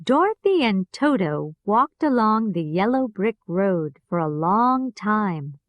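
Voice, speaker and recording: A woman with an American accent reading a graded storybook for language learners, clear and deliberate. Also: medium pitch, dry recording. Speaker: reader. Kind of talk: slow scripted narration for language learners.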